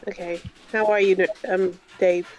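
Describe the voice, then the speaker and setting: A woman's voice: on the low side, flat delivery, a little slow, darkish tone, muffled recording. A woman guest on a casual online video call, teasing and blunt. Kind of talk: casual online hangout chat.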